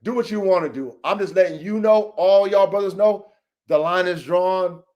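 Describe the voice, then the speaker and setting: Speaking at a normal speed with a slightly mellow tone, a podcast host with a notably high voice goes on an angry, foul-mouthed tirade. He confronts people by name and loops back over the same arguments again and again.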